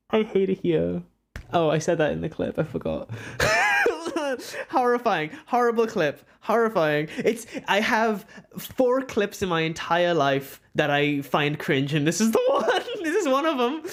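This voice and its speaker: A young Welsh art streamer talks casually to viewers, rambling and breaking into frequent giggles. The pitch swings widely and expressively, at a middling height overall. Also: sing-song, a little slow. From Wales. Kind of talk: casual live-stream chat.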